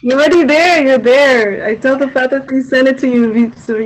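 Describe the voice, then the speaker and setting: A woman's voice: high voice, a little fast, slight background noise, poor audio. A woman leading a group sharing circle, bubbly and encouraging, often laughing.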